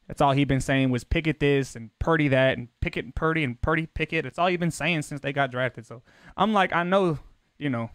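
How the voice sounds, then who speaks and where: A man's voice: on the high side, a little fast, fairly bright tone, no room sound, studio quality. A man streaming a football video game, chatting casually with his viewers in loose, profane slang, his voice jumping up when he gets defensive. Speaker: gaming streamer.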